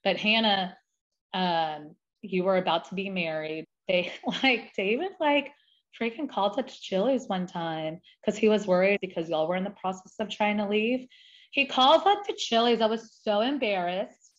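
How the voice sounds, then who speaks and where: A woman's voice: medium pitch, animated, moderate pace, lo-fi sound. A young adult woman telling a personal story in an earnest, emphatic way, often restarting her sentences. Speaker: guest sharing her story.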